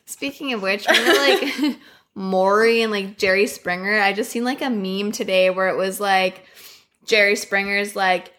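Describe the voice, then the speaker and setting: Bright-voiced young woman co-host. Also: mid-range voice, normal speed. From Canada. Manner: animated, laughing recollections. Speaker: podcast co-host. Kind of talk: casual chat.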